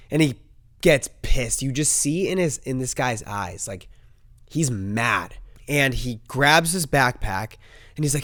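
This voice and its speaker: A man's voice: medium pitch, measured pace, a bit bright, no echo, clean studio sound. A young man, a bit sick, hosting his vlog and telling a story casually, peppering his talk with "bro" and "like.". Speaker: host.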